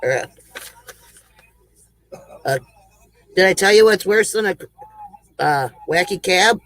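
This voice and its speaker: Slow gravelly folksy man. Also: high-pitched, animated, a bit bright, no room sound, rough recording. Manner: folksy, chuckling, rambling. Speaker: livestream host doing a joke segment. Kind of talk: casual livestream chat.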